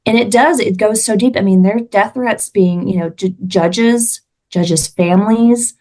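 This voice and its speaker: A woman's voice: medium pitch, measured pace, a little mellow. A woman from Alabama, a podcast guest talking passionately and often restarting her sentences. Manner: impassioned, frequent restarts. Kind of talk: casual conversation.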